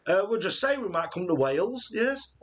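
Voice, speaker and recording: A man's voice: sits high, very animated, normal speed, fairly bright tone. A man in his late forties, co-hosting a live Q&A stream with a joking, rambling manner full of fillers. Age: 40s. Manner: jokey and rambling, with many fillers. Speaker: channel co-host.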